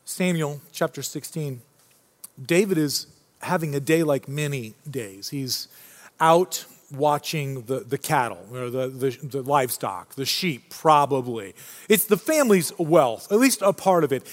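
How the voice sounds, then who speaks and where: A man's voice: mid-range voice, expressive, measured pace. A male pastor preaching a casual, story-driven sermon in a church auditorium, often restarting his phrases. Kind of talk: conversational sermon. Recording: long reverb from a large hall.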